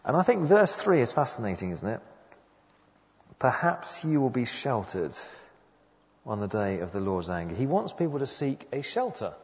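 An earnest man preaches a sermon, leaning on repeated phrases with a lively, swooping delivery. His voice carries a long reverb from a large hall. The recording itself sounds slightly muffled. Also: medium pitch, normal speed.

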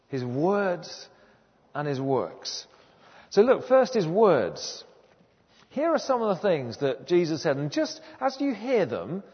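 A man delivers a conversational sermon, often asking his congregation questions. His higher, lively voice has a slightly husky edge. The sound is dull and distant, ringing in a reverberant church. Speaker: preacher.

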